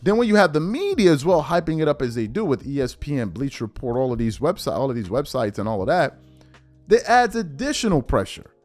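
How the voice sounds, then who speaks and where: Animated man ranting in sports commentary. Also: medium pitch, a little fast, soft background music. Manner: emphatic, repetitive, animated. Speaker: podcast host. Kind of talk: commentary reacting to a sports clip.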